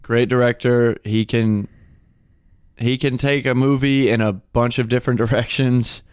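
Podcast co-host, man, 20s, joking and excitable, smooth voice, dry close sound. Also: mid-range voice, a little slow, no room sound. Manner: joking, excitable, swears freely. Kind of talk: casual chat.

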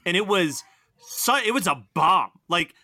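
A man hosting a casual podcast, retelling film scenes in an animated way and laughing often. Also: sits high, unhurried, no echo. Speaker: podcast host. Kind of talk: casual movie discussion.

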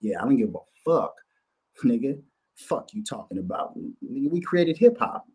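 A man's voice: mid-range voice, very animated, moderate pace, dark tone, breathy edge. A man from Minnesota hosting a livestream, talking bluntly and profanely in a loose, repetitive monologue. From Minnesota, USA. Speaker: livestream host.

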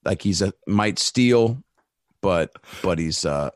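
A man's voice: sits low, expressive, slow pace, dry recording, studio quality. A man guesting as a comedian on a podcast, riffing loosely in casual chat with plenty of profanity and fillers.

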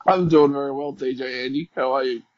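A man's voice: medium pitch, fairly even intonation, a little fast, a little mellow, dry recording. A man talking as a podcast guest, giving articulate, analytical football talk at length. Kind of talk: casual chat. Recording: dry, dull lo-fi sound.

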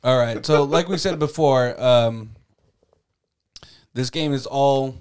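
A man's voice: medium pitch, takes it slowly, a little mellow, smooth. A man co-hosting a podcast, chatting casually and rambling, with many fillers and some swearing. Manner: rambling, laid-back, many fillers and profanity. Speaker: podcast co-host. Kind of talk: casual chat.

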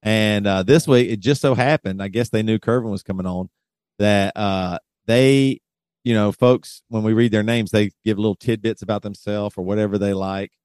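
A man's voice: fairly low pitch, steady tone, moderate pace, a little mellow, smooth, no echo, studio quality. A man co-hosting a podcast in casual chat, loose and joking, often laughing. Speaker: podcast co-host.

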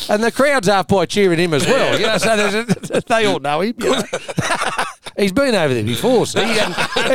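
Gravelly man telling a joke. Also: high voice. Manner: animated storyteller, laughs at own jokes.

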